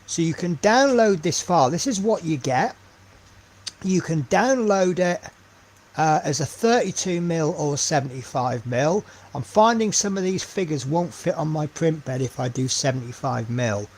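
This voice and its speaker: A man's voice: on the high side, lively intonation, moderate pace, a little mellow. A man chatting casually on a live stream while he paints miniatures, thinking aloud with many ums and trailing asides.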